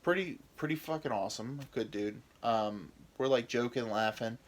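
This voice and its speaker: A man's voice: mid-range voice, moderate pace. A young American man spins a long comic anecdote on his podcast, rambling and cheerfully profane, laughing at himself as he goes. He has an ordinary mid-range voice and talks like he is chatting with a friend. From United States. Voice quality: rambling, profane, self-mocking. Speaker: podcast host. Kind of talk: casual comedic storytelling.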